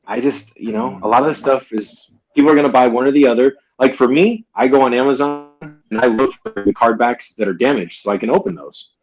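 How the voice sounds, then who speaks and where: A man's voice: medium pitch, a little fast, darkish tone, faint music behind. A man in a casual live chat over a video call, opinionated and rambling. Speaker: guest collector. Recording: dull lo-fi video call audio.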